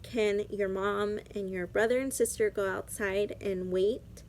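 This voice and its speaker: A calm female doctor, plainly matter-of-fact as she explains things, as a young woman quotes her in a storytime video. The voice stays close to the narrator's everyday voice. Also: medium pitch, measured pace, a little hiss or hum, lightly acted.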